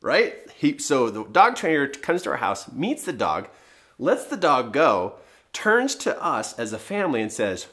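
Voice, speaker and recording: A middle-aged man coaches parents in an emphatic, motivational teaching talk. His pitch swings widely from low to high as he presses his points with rhetorical questions. The voice sits at an ordinary middle height. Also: big pitch swings, a little slow, fairly bright tone.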